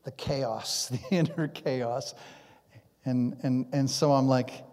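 A pastor preaching a sermon, acting out conversations and dropping to a hush at times, in a church sanctuary. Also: male voice, medium pitch, takes it slowly. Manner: animated, acts out conversations, drops to a hush. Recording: long reverb in a big hall.

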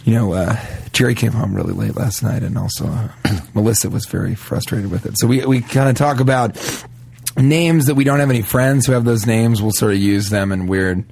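A man's voice: on the low side, a little fast, gravelly, a little mellow, slightly rough, dry recording. A young adult man co-hosting a comedy podcast in casual chat, rambling and slipping into silly put-on voices. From Denver, United States.

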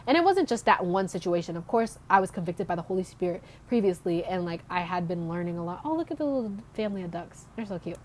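A young faith vlogger shares a casual testimony outdoors, chatting fast and animatedly with few pauses, lots of "like" fillers and small laughs between thoughts. Her voice is lowish with a darkish tone, and there's slight background noise.

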